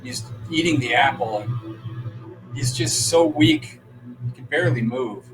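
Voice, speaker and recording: A man narrating as game master, describing scenes in an unhurried, descriptive way. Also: medium pitch, expressive, rough recording. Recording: music playing behind.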